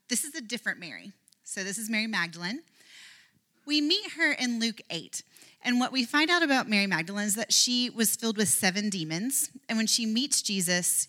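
A woman giving a Bible talk, telling the story earnestly and dropping to a soft, near-whispered voice at moving moments. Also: mid-range voice. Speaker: Bible teacher.

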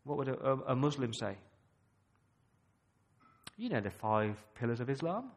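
An Australian man preaching a sermon, emphatic and full of rhetorical questions, with dramatic pauses. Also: medium pitch, sing-song.

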